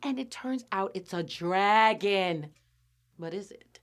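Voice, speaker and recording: A woman hosting a podcast casually recaps a cartoon episode, animatedly acting out the characters' lines and laughing often. Her voice is mid-range, and she takes her time.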